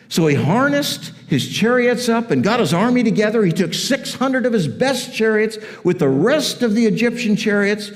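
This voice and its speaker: Animated male pastor in a reverberant church. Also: high-pitched, normal speed, hardly any pauses. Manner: animated and conversational, joking asides. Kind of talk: sermon. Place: church auditorium. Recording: long reverb of a church hall.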